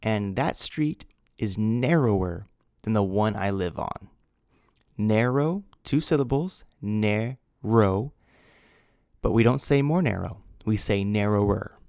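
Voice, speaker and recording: A gravelly, low-voiced man teaching a grammar lesson at a slow, deliberate pace. He spells words out letter by letter and explains each rule patiently. The sound is dry and close. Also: lively intonation, darkish tone, no echo. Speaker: English teacher.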